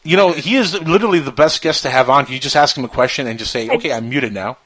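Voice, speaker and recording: Man host, casual radio banter, rambling with lots of fillers, bright tone, mid pitch. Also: fast talker, slightly rough. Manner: rambling, filler-heavy, jokey.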